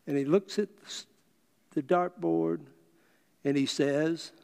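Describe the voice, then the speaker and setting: Man giving a speech, slow storyteller, slightly high voice, long hall reverb. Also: steady tone, vocal fry, a little mellow, clear, resonant tone. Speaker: speaker.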